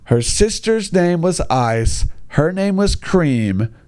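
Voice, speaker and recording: An exasperated American man, a teacher telling a sarcastic comic rant. His voice sits a little high and swings up and down with lively animation, mocking those he talks about. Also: slow pace. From United States. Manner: exasperated, sarcastic, acts out voices of kids and parents. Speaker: English teacher. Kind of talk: stand-up style comic rant.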